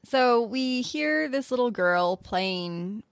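A woman's voice: on the high side, lively intonation, takes it slowly, creaky, no echo, studio quality. A woman co-hosting a podcast, chatting casually and laughing often as she retells a story. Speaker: podcast co-host. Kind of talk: casual podcast review chat.

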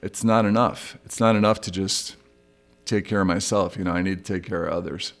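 This is a monologue from a solo recovery podcast, where the middle-aged host speaks openly and thoughtfully about what he has struggled with. He has a low voice with fairly even intonation and talks a little fast.

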